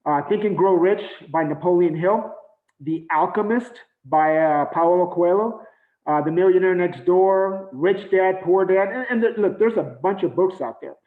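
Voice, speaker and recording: A man giving an earnest, motivational team training talk over a video call, halting now and then with fillers. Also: high voice, reverberant, phone-quality sound.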